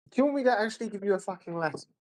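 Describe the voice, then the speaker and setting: Playful voice-chat friend, joking and profane, with a swinging, animated pitch. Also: very fast. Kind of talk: casual gaming chat.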